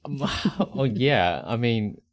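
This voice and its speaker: A man's voice: medium pitch, animated, takes it slowly. A man from the Northeast United States, co-hosting a podcast in a rambling, easygoing chat, with a faint Rhode Island accent. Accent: slight Rhode Island. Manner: rambling, self-correcting, easygoing. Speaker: podcast co-host.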